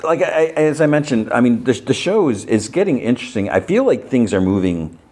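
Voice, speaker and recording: A man's voice: mid-range voice, very animated, brisk, darkish tone. A man hosting a podcast, recapping TV episodes in a casual, rambling way with many fillers. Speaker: podcast host.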